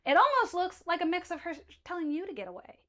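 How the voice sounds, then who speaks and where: A woman's voice: very high-pitched, very animated, fast talker, pushed and bright. A woman narrating as game master in casual, loose chat, swearing freely and correcting herself mid-sentence.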